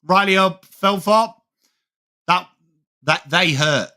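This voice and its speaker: A man with a Yorkshire accent hosts a live football watchalong, talking casually with viewers and answering chat comments. His voice sits a little high and has a bright, forceful edge. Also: slow pace. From England. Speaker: livestream host.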